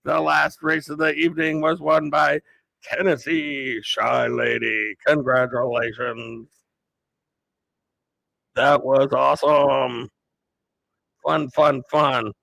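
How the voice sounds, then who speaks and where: Bright gravelly-voiced male streamer. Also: medium pitch, takes it slowly, pauses often, low-quality recording. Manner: rambling and relaxed, chatting to viewers. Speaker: live streamer. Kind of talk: casual live-stream chat.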